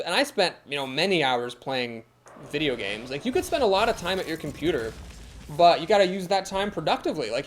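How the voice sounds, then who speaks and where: A young man with an easy Midwestern accent talks through his card game moves on a live stream, reading chat and chuckling along. His voice sits a bit high and swings up and down with a lively lilt. A faint hiss runs beneath the recording. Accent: Midwestern American. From Ohio, USA. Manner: chatty, thinks aloud, reads chat comments and laughs easily. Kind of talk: live gameplay commentary.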